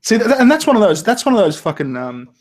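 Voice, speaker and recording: A man's voice: sits high, very animated, fast, darkish tone. An Australian man hosting a casual live-stream chat, swearing freely and stumbling through restarts. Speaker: podcast host.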